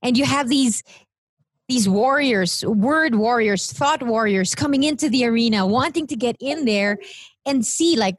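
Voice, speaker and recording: A woman's voice: fairly high pitch, unhurried, no echo. A Filipina woman with a Filipino accent co-hosting a casual chat over a video call, talking earnestly and emotionally, often laughing. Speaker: podcast co-host. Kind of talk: casual chat mixing English and Tagalog.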